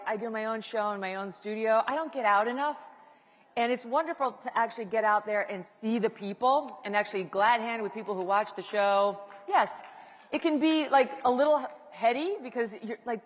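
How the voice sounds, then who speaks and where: A woman's voice: a little high, slight background noise. Woman speaker, chatty and self-mocking, long reverb of a large hall. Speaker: guest speaker. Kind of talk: casual stage talk.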